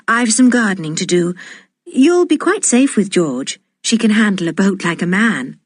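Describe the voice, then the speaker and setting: A woman's voice: medium pitch, very animated, moderate pace, dry recording. A woman reading aloud, voicing a middle-aged mother who speaks with mild reproach. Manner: mildly reproachful.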